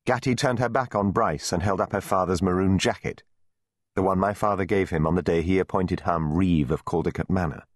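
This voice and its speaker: A man narrating an audiobook for children with lively storytelling. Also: low voice, fairly quick, no room sound, studio quality. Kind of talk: scripted narration.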